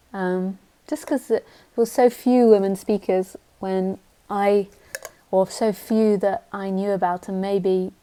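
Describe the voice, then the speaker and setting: Blunt woman teacher, mellow voice. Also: mid-range voice. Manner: blunt, direct, mocks the mind with silly voices. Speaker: spiritual teacher. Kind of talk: live spiritual talk.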